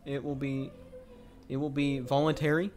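A man's voice: medium pitch, flat delivery, moderate pace, darkish tone, slight background noise. A man hosting a casual podcast chat, joking around, laughing often and stumbling over restarts. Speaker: podcast host.

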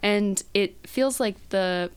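A woman who performs on stage, a guest in a casual interview, bubbly and quick to laugh and agree. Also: medium pitch, clean tone.

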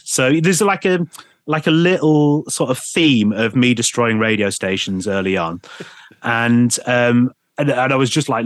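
A man from England, a radio presenter, telling lively anecdotes in a casual podcast interview and laughing often. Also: medium pitch, dry recording.

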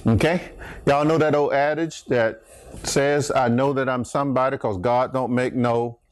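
A man's voice: medium pitch, fairly even intonation, normal speed, a little hiss or hum. A middle-aged man leading a Bible study in church, joking and teasing his listeners and laughing often. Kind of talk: playful Bible study teaching.

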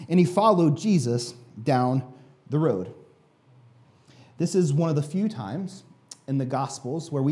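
Man preaching a sermon, somewhat high voice, mellow warm tone, animated, emphatic. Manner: animated, emphatic, addresses the congregation directly. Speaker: pastor.

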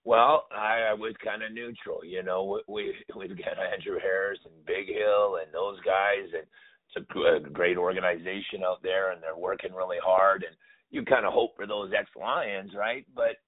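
Husky-voiced man, phone-line sound. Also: low voice, fairly even intonation, normal speed. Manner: emotional, rambling, heavy with 'you know'. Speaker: sports superfan guest. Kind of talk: casual storytelling interview. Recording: phone-like remote audio.

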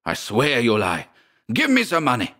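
A man voicing a gruff, desperate old father who threatens his son over money, in a deep voice. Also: sing-song, unhurried, fairly bright tone, heavily acted. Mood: frantic. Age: older.

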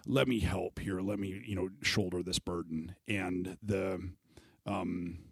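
A man's voice: sits low, fairly even intonation, slow, slightly rough, dry recording, studio quality. A man in his thirties chatting casually as a podcast host, profane, self-mocking and emotional. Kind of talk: casual chat.

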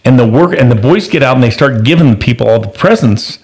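A middle-aged man tells a family story on a podcast, and his pitch rises and falls a lot. He speaks in a casual, animated way and puts on the voices of the people in his story. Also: fast talker. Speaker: podcast host and father.

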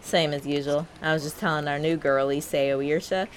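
A woman's voice: sits low, fairly even intonation, normal speed, a little hiss or hum, pitched below the performer's own voice, lightly acted. A woman playing a sassy female customer service agent with sugary phone politeness. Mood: gossipy.

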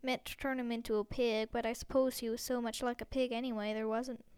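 A woman's voice: on the high side, flat delivery, fairly quick, a little mellow, clear, resonant tone, no echo, natural voice. A woman reading an audiobook, voicing a giant, bearded male gamekeeper who speaks bluntly in a folksy, clipped dialect. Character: giant bearded male gamekeeper, gruff, loyal, hot-tempered.

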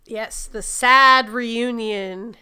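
Bright high-voiced woman, unhurried. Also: steady tone, clear, resonant tone. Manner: short agreeing replies and playful asides. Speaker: podcast co-host. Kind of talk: casual chat.

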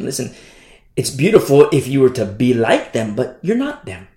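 A man preaches to young listeners with impassioned, repetitive delivery and sweeping swings in pitch. His voice is sing-song and fairly quick, and the sound is roomy.

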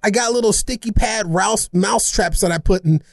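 A man co-hosting a podcast, telling a rambling, self-mocking story in casual chat, animated and funny. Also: high-pitched, moderate pace, creaky, no echo, studio quality. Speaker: podcast co-host.

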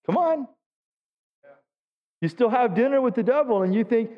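Delivering his sermon at a moderate pace in a very high, sing-song voice, this pastor speaks in a church sanctuary. His preaching is conversational, with questions directed at the congregation. Long hall reverb colors the dull, lo-fi recording.

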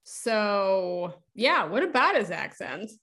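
A woman's voice: medium pitch, very animated, takes it slowly, bright, forceful tone. A woman co-hosting a podcast in casual discussion, wry and opinionated, with dry asides. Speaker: podcast co-host.

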